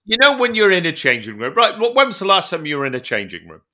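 A man's voice: high voice, huge pitch swings, fast, bright, forceful tone. A man co-hosting a podcast, trading crude jokes in casual chat. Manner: joking, crude banter. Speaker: podcast co-host.

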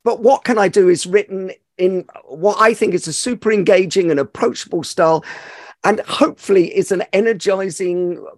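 High-voiced podcast host. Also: male voice, normal speed, darkish tone, no echo. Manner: upbeat and appreciative. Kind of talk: interview hosting. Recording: dry studio mic with faint music bed.

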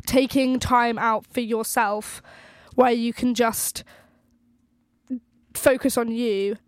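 A young woman co-hosting a podcast, talking in a relaxed, chatty way full of "like" fillers and quick laughs. Her voice sits fairly high and the sound is close and dry. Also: no echo. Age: young adult. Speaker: podcast co-host, student-athlete. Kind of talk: casual chat. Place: university.

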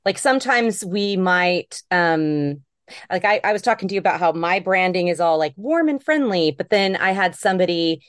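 A woman's voice: lowish voice, expressive, moderate pace, no room sound, studio quality. A woman co-hosting a podcast, talking casually and hesitantly with many fillers. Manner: hesitant, filler-heavy phrasing. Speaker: podcast co-host. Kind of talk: casual chat.

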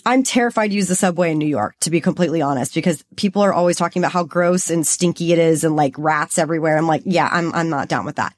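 A woman's voice: sits low, fast, few pauses, a little mellow. A young woman from Los Angeles co-hosting a podcast, talking in a bubbly, chatty way and saying "like" a lot. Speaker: podcast co-host. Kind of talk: casual chat.

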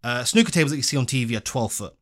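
Young male podcast co-host, animated, casual, slips into a showy host delivery. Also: medium pitch, rapid-fire. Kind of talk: casual chat.

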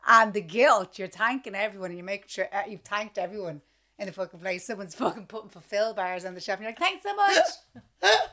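A woman's voice: mid-range voice, steady tone, quick pace, pushed and bright. An Irish woman co-hosting a chatty podcast, teasing her co-host bluntly and swearing freely. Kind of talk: casual chat.

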